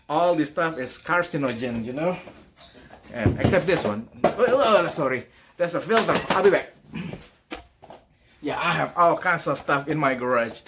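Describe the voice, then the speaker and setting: Excitable man with a bright voice. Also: mid-range voice, slight background noise. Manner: excitable, exclaiming, asks rhetorical questions. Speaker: hobbyist car mechanic and YouTuber. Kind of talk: casual vlog talk to camera. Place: home garage.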